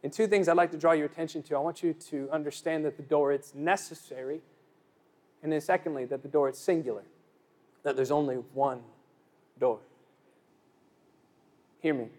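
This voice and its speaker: A young man preaching a sermon, telling a lively story and building to emphatic declarations. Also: a little high. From United States.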